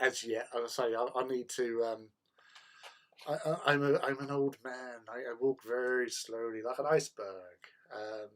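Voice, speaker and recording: A man hosting a casual hobby livestream, chatting in a relaxed way and answering viewers' chat while he paints. He often repeats words as he thinks. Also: mid-range voice. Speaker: livestream host.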